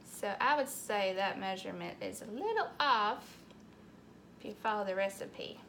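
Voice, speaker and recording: A woman's voice: medium pitch, expressive, moderate pace, gravelly, a bit bright, slight background noise. A woman hosting a cooking channel, talking through a recipe in a plainspoken, matter-of-fact way. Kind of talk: casual recipe demonstration.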